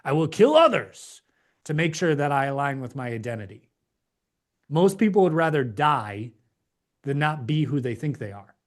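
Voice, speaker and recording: A man's voice: mid-range voice, lively intonation, moderate pace. A man teaching a live online class, emphatic and preachy, acting out the inner voices of doubt. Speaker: course instructor.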